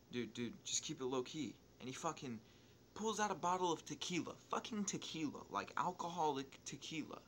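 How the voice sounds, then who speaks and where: A young man telling a story casually, swearing constantly, rambling with restarts and excited jumps in volume. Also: fairly high pitch, slight background noise. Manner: profane, rambling, restarts and asides; excitable, quick swings in loudness. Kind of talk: casual storytelling over gameplay.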